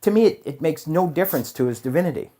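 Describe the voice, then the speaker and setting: A middle-aged man, a chaplain being interviewed, talking in a thoughtful, earnest way with pauses and fillers. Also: fairly high pitch, animated, mellow. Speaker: chaplain guest. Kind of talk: conversational interview.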